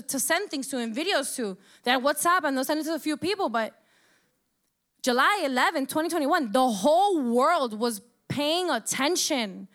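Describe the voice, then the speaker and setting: Young woman w a high voice, emotional, swears a lot, sounds overwhelmed and on the edge of crying. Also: fairly bright tone. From United States. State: overwhelmed, close to tears. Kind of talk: impassioned personal monologue.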